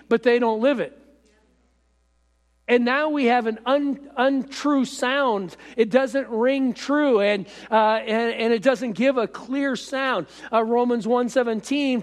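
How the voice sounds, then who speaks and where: A male pastor with a high voice delivers a sermon in a halting way, full of fillers and repeated phrases. It was recorded in an echoey hall.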